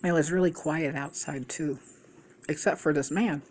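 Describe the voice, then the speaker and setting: Middle-aged woman, mukbang vlogger, lowish voice, loose gossipy storytelling with cursing. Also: fairly even intonation, moderate pace, a little mellow. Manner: chatty, swears freely, gossipy asides. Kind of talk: casual rambling storytime.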